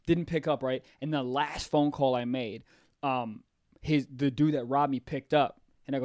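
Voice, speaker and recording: A man's voice: medium pitch, steady tone, moderate pace, a little mellow, dry recording, studio quality. A young man co-hosting a podcast, telling a story in casual chat, laughing often and acting out the people he quotes. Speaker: podcast co-host.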